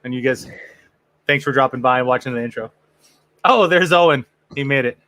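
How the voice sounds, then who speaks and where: A man's voice: mid-range voice, a little fast, bright, forceful tone, no room sound. A man hosting a casual fan podcast, joking and rambling with frequent restarts. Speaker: podcast host. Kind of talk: casual chat.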